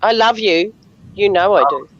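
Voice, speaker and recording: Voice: mid-range voice, moderate pace, a bit bright, highs cut off. A speaker who teases playfully and flirtatiously in a casual group chat.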